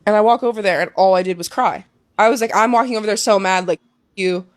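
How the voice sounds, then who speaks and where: A young woman telling a personal story in casual talk, full of "like" and fillers and heavy with feeling. Her voice sits at an ordinary middle pitch. It is recorded close and dry, with no room sound. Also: fast talker, no echo. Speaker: guest.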